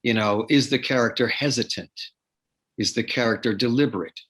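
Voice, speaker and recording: A man with a medium-pitched, brisk, slightly bright voice and a breathy edge is being interviewed on a podcast. The actor explains at length, often repeating words, using fillers, and restarting sentences.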